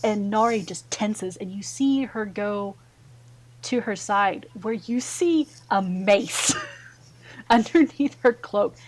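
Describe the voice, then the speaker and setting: A woman narrating a tabletop fantasy game as game master, relaxed with many fillers. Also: mid-range voice, slow, poor audio.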